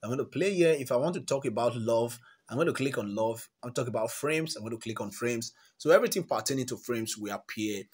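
Guy talking you thru an app on screen, repeats himself a lot, friendly pep talk vibe, mid pitch. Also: husky. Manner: chatty, repeats words, walks through steps; encouraging, gives life advice. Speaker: tutorial host. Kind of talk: app screen-recording tutorial.

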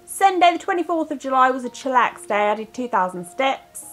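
A woman's voice: sits high, sing-song, a little fast, faint music behind, poor audio. A woman in her forties chatting casually to camera as a vlogger, giggly and self-mocking. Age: 40s.

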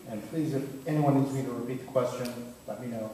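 A man's voice: mid-range voice, fast talker, mellow, slight background noise. Joking male moderator, echoey and far. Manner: light, joking. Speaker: forum moderator. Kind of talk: moderating a forum. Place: theater.

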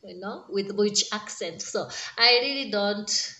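A woman's voice: medium pitch, a little slow, sharp tone. A woman with a Kenyan accent talking earnestly and encouragingly to camera, with frequent fillers and restarts. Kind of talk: casual talk to camera. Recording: roomy echo.

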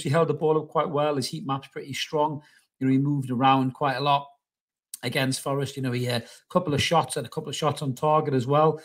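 A man hosting a casual football match preview, blunt and opinionated. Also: medium pitch. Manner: blunt, opinionated, swears about rivals. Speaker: football channel host.

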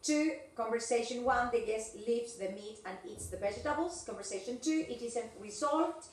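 A woman's voice: on the high side, animated, moderate pace. A woman teaching an English class. She keeps checking understanding with "yes, okay?". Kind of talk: online class instruction. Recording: echoey room, distant mic.

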